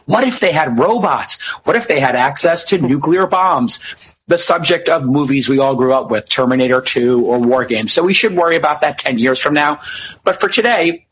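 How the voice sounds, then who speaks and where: A man explains his point calmly and clearly. His voice sits a little high, and a faint noise hums behind him. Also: moderate pace, poor audio. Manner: calm, explanatory.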